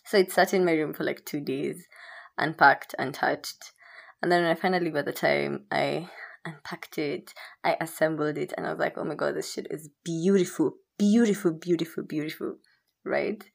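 A woman's voice: deep voice, normal speed, gravelly. A young woman hosting her own podcast, chatting candidly and rambling, with frequent swearing. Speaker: podcast host. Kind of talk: casual solo podcast chat.

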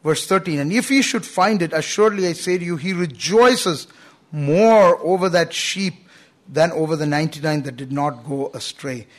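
A man's voice: a little high, normal speed. A man preaching a sermon, earnest and emphatic, with frequent "you know" fillers. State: coughing at times.

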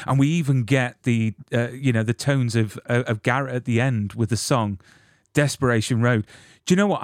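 A man's voice: medium pitch, darkish tone, dry recording, clean studio sound. A man hosting a casual podcast interview, enthusiastic and full of fillers. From United Kingdom. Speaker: podcast host.

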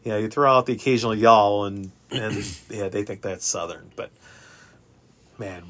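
A man originally from Chicago, with a Chicago accent worn down by years in Kansas City, chatting casually about his RV travels; he tells stories animatedly, repeats words, and jumps up in pitch for emphasis. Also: fairly even intonation, a little slow, fairly bright tone. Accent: Chicago, softened by Kansas City. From Chicago area. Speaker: guest traveling by RV. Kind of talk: casual chat.

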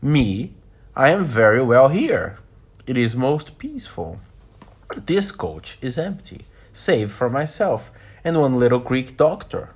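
A genial, formal older gentleman from a storybook, speaking in a lively voice, as a man reading aloud puts him on. His tone is a touch husky. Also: mid-range voice, takes it slowly, full character voice. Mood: friendly.

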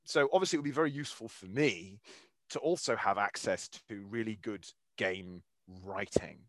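A man's voice: lowish voice, normal speed, no echo. A man hosting a podcast, speaking in a thoughtful, articulate way with fairly abstract wording. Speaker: podcast host. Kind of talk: casual podcast interview.

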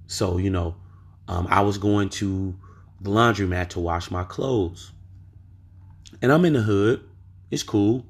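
Husky-voiced man telling a story. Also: low voice, slow pace, pauses often. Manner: emphatic, asks rhetorical questions. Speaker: podcast host. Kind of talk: casual storytelling monologue.

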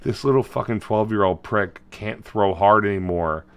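A man's voice: on the low side, moderate pace, clean tone. A man co-hosting a podcast, ranting and swearing as he retells a movie in casual chat. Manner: profane, ranting, animated retelling. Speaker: podcast co-host.

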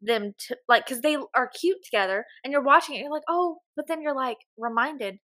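A woman with a Southern US accent co-hosts a podcast in a casual chat. Her voice is bright and a bit high, and her storytelling is animated and chatty, punctuated by quick laughs.

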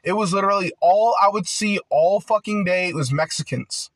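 A young man in a casual ranting monologue, rambling with constant filler words and swearing, growing loud and heated at times. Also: high voice, normal speed, few pauses, slightly rough, no room sound. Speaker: vlogger.

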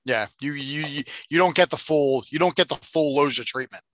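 A man's voice: on the high side, brisk, a bit bright, no room sound. A man co-hosting a casual movie-review podcast, swearing freely and mocking the film with sarcasm. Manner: profane, sarcastic, acts out movie lines. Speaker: podcast co-host.

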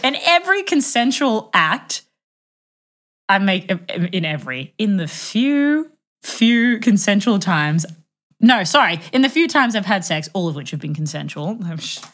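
A woman's voice: medium pitch, a little slow. Young woman telling a story. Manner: animated, self-mocking, acts out quotes. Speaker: guest telling a dating story. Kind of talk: casual storytelling chat.

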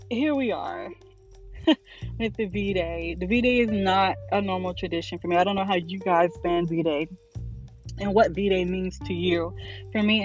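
Emotional rambling woman, lo-fi recording. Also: on the low side. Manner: emotional, rambling, laughs often. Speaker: podcast host. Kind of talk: casual monologue. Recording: dull lo-fi recording, faint music.

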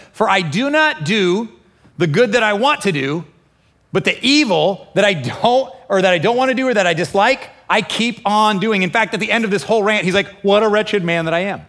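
A pastor preaching a lively sermon, acting out inner voices and quoting scripture with feeling. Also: male voice, high voice. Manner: animated, acts out inner voices and quotes. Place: church, also streamed online.

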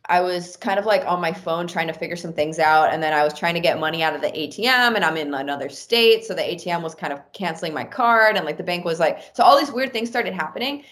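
A woman's voice: lowish voice, fast talker, few pauses. A woman telling a personal story in a casual podcast chat, with many "like" fillers. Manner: animated, talks with many "like" fillers.

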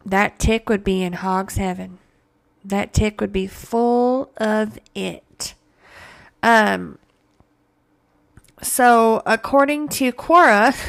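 A woman's voice: medium pitch, a little slow, vocal fry. A woman hosting a podcast alone, talking casually in a playful, slangy way with joking asides. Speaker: podcast host. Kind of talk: casual solo podcast monologue.

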